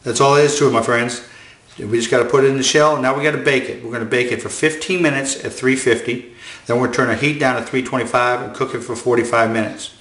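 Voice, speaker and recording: A man's voice: medium pitch, steady tone, fast talker, fairly bright tone, echoey room, a little hiss or hum, poor audio. A man hosting a home cooking demonstration in his kitchen, talking in a folksy, down-home way as he walks through a recipe. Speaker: chef, cooking show host.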